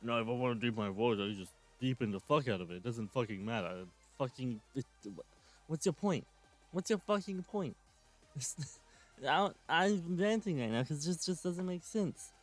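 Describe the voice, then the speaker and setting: A man's voice: medium pitch, animated, normal speed, faint music behind. A man in his twenties giving a sarcastic, swearing rant while commenting on clips. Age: 20s. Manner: sarcastic, ranting, swears often. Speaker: commentary channel host.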